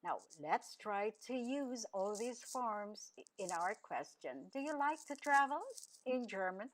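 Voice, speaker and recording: A woman teaching a radio language lesson, enunciating slowly and carefully and repeating each word. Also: medium pitch, lively intonation.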